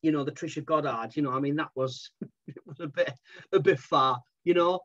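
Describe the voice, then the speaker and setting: A man's voice: on the high side, brisk, fairly bright tone, dull audio. A man, a comedian, chatting casually in an interview, rambling with lots of fillers. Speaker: comedian and impressionist.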